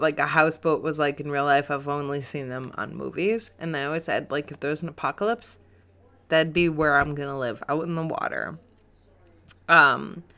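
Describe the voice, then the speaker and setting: Her deep voice has a bright, forceful tone as the young adult co-host reads chat comments on a casual podcast. She rambles with giggles and leans heavily on "um" and "like."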